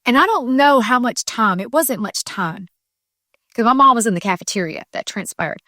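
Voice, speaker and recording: A woman's voice: a little high, expressive, moderate pace, bright, forceful tone, no room sound, studio quality. Middle-aged woman telling a heartfelt testimony. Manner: earnest, tumbling storytelling with restarts and fillers. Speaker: podcast guest. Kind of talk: personal faith testimony, casual storytelling.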